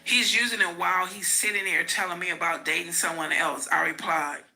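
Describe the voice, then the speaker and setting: A woman hosts a podcast, reading a memoir aloud in a gravelly voice with plenty of fry. Her tone is bright and sharp, and she pauses to add her own remarks between passages. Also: lowish voice, steady tone, faint music behind, low-quality recording. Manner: breaks off to comment on the text. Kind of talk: reading a book aloud with asides.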